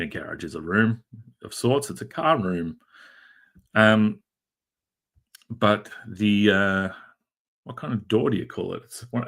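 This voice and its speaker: Rambling, jokey Australian man, low voice. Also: vocal fry, fairly bright tone. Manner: rambling, jokey storytelling with frequent fillers. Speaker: streamer. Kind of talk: casual chat while drawing. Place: converted garage room.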